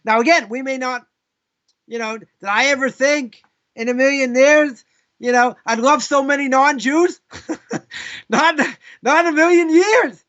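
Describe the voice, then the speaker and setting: Chatty rabbi telling a story in class. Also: male voice, very high voice, unhurried, highs cut off. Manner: casual, animated, with frequent asides. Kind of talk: live lesson with storytelling.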